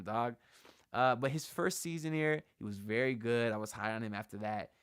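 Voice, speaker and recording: A man's voice: mid-range voice, normal speed, fairly bright tone, clear, resonant tone, no echo, clean studio sound. A man hosting a sports livestream, talking in a loose, slangy, hyped way and speaking to his chat. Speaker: host of a sports channel livestream. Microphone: shotgun mic on camera.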